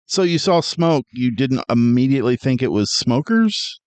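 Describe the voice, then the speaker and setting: A man's voice: mid-range voice, big pitch swings, moderate pace, a little mellow, no room sound. A man co-hosting a film review podcast, laid-back and joking in casual chat.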